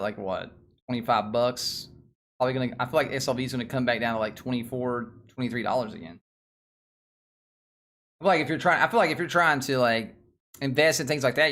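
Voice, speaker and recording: A man's voice: mid-range voice, fairly bright tone. Southern-twanged man rambling about stocks. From Nashville, Tennessee. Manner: rambling, slangy, thinks aloud. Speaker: stock stream host. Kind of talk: casual live-stream chat.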